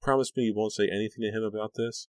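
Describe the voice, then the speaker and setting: A man's voice: on the low side, fairly even intonation, fast talker, no room sound, clean studio sound, pitched above the performer's own voice, natural voice. A man voicing a frantic teenage girl haunted by violent visions, screaming and pleading.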